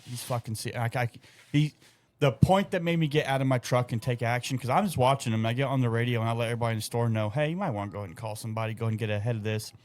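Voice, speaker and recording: A young adult man, telling stories in a loose, profane way on a casual podcast. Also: mid-range voice. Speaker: podcast co-host. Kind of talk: casual chat.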